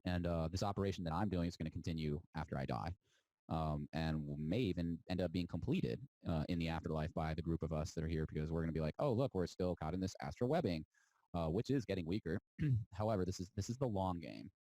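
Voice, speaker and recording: A man's voice: sits low, fast, warm tone, dry recording, rough recording. A man delivering an impassioned, defiant monologue as a podcast host, mocking and preachy, drawing out words for emphasis.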